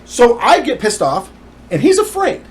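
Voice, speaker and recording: A man's voice: very high voice, huge pitch swings, a little hiss or hum, low-quality recording. A man telling a personal story in an agitated, ranting monologue. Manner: agitated, ranting, rapid asides.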